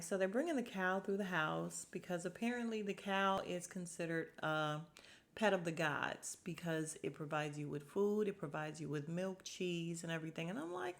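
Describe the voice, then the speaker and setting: A woman hosting a podcast, chatting casually as she recaps a reality show, acting out what people said and dropping to a whisper for sad moments. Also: fairly low pitch.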